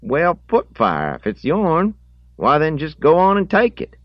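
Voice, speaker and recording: Man narrator plays a tipsy, unhurried Southern farmer with a wry, dry drawl, recorded dry and slightly muffled. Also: fairly high pitch, wildly swooping pitch, dry recording, pitched above the performer's own voice. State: slightly drunk. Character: slow, contemplative, slightly drunk rural man.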